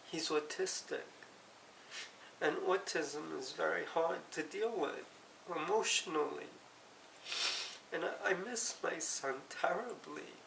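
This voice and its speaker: A middle-aged woman giving a halting, emotional personal confession, close to tears and often correcting herself. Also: fairly low pitch, vocal fry, a bit bright. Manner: halting, tearful, self-correcting. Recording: roomy, distant mic, faint hiss.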